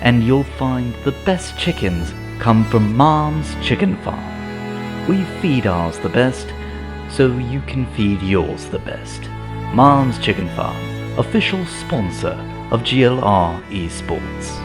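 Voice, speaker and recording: A man putting on a British accent to voice a refined advert announcer with a lilting sales pitch. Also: very animated, slow pace. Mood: genteel. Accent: put-on British. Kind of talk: mock radio advert. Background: music.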